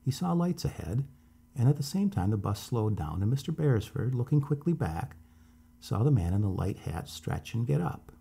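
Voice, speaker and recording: A man calmly reading a story aloud as a bedtime storyteller. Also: medium pitch, normal speed, gravelly, husky.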